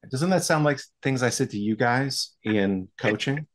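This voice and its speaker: An American man explaining voiceover coaching in a podcast interview, telling stories in a lively way. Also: mid-range voice, a little slow, few pauses.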